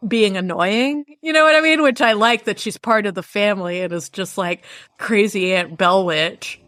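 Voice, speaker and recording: A woman's voice: medium pitch, a bit bright, dry recording, studio quality. A woman co-hosting a podcast, making sarcastic jokes and laughing easily. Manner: jokey, sarcastic, quick to laugh. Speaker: podcast co-host. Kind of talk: casual joking chat.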